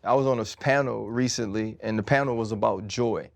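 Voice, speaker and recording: A man hosting a podcast, asking questions in a relaxed way. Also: on the low side, fairly quick, vocal fry, no room sound. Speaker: podcast host. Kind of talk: conversational interview.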